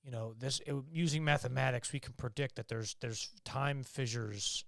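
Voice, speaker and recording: A man's voice: mid-range voice, normal speed, creaky, dry recording, clean studio sound. A young man co-hosting a podcast, chatting casually and animatedly, swearing and acting out scenes. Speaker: podcast co-host. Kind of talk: casual chat.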